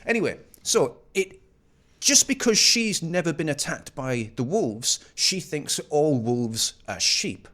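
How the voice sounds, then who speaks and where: A man's voice: a little high, lively intonation, slow, a bit bright. Sarcastic man reacting to news. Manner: sarcastic, mocking. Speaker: commentator reacting to a news clip. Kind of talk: casual reaction commentary.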